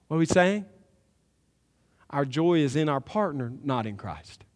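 A man preaching a sermon as pastor, emphatic and building to loud climaxes. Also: a little high, expressive, unhurried, long pauses, big-room sound. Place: church sanctuary.

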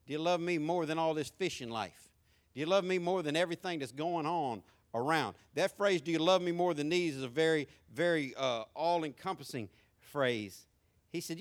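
Middle-aged male preacher, high-ish lively voice, conversational sermon with loud peaks. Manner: animated preaching, swings from hushed to loud. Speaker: pastor.

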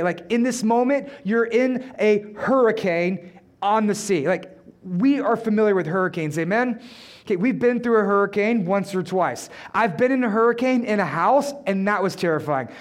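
A man preaching a conversational sermon who keeps asking the listeners rhetorical questions. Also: high voice.

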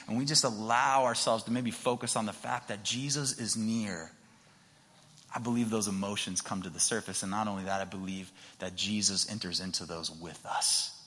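A male pastor delivers a sermon in a bright, forceful voice. He swings from quiet, whispered tenderness to passionate emphasis. His words carry a long reverb from a large church hall. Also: lowish voice. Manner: earnest, builds to emphatic passion, drops to soft whispers.

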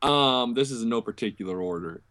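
A man's voice: medium pitch, fairly quick, fairly bright tone. A young man co-hosting a casual sports podcast, thinking aloud with frequent fillers and restarts. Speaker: podcast co-host.

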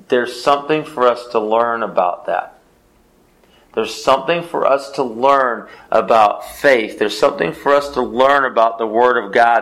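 A man's voice: mid-range voice, a little slow, fairly bright tone, poor audio. A man leading an informal Bible study, teaching in an emphatic way, repeating phrases and answering his own questions.

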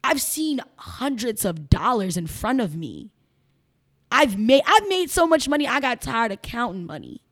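Chicago woman chatting on a podcast, kinda high voice, emphatic and animated, tells it like a story. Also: unhurried. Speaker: podcast guest. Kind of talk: casual interview chat.

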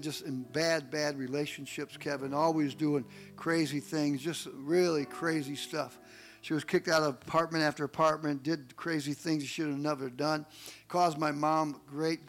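A male pastor delivers a sermon in a high, bright voice, telling a personal story with animated delivery. He shifts into other people's voices as he goes. Soft music plays faintly underneath. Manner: animated storytelling, acts out quotes.

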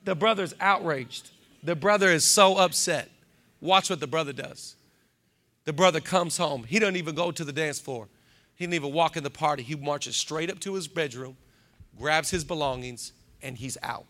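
A man preaching a lively sermon as pastor, joking with the crowd, acting out the people in his story and building to shouted climaxes. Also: fairly high pitch, normal speed. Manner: animated, joking, acts out quoted characters, builds to shouted climaxes. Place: church hall, live congregation.

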